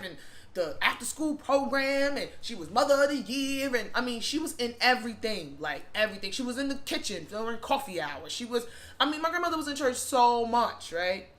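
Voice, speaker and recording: Bright-voiced heartfelt storyteller. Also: mid-range voice. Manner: rambling, heartfelt, repeats itself with many fillers. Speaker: spiritual shop owner and vlogger. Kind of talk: casual storytime monologue.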